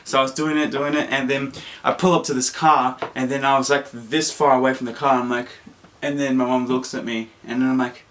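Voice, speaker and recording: A young man telling a story to camera in a casual, excitable vlog, full of fillers and acted-out quotes. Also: mid-range voice, brisk. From Australia. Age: young adult. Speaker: vlogger.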